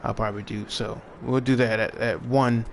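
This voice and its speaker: A man's voice: mid-range voice, steady tone, normal speed, gravelly, a little hiss or hum. A young man chatting casually as he streams a game, laid-back and thinking aloud while he plays. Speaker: gaming streamer. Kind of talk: casual live gameplay commentary.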